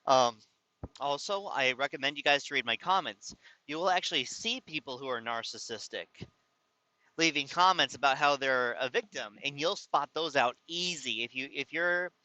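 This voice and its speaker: A man's voice: fairly high pitch, normal speed, bright, forceful tone, dry recording, low-quality recording. A man telling a personal story to his viewers in a casual, rambling way, often exasperated and restarting his sentences. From California. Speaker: vlogger.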